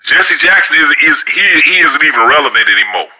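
A man with a very sharp, tense voice tells a story in a loose, casual monologue. He rambles and stumbles over repeated words, speaking bluntly and with strong profanity. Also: a little high, very animated, a little fast, low-quality recording. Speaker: storyteller sharing opinions.

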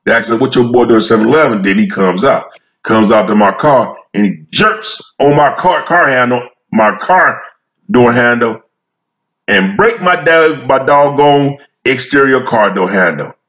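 A man tells a long story in a loose, rambling way. He often repeats himself and slips into playful voices. His pitch sits mid-range, and the recording sounds slightly dull and lo-fi. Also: expressive, moderate pace, fairly bright tone. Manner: rambling, repeats phrases, colloquial speech. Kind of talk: casual storytelling monologue.

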